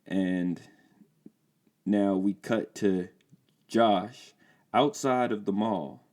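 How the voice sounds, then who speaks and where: A man's voice: on the low side, very slow, a little mellow. A young man hosting a podcast, casually reading aloud an old script he wrote, laid-back and self-deprecating. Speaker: podcast host.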